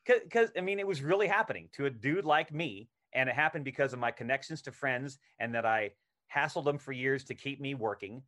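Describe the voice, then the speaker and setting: A man's voice: mid-range voice, fairly quick. A middle-aged male actor, a podcast guest, telling a story in casual conversation and acting out the lines he quotes. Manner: animated anecdote telling, acts out quoted lines.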